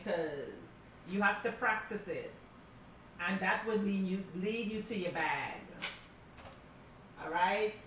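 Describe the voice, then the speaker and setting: Middle-aged woman, crafting class teacher, chatty and animated, very echoey room, mic set back. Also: mid-range voice, recorded from a distance, a little hiss or hum. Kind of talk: casual class talk, storytelling.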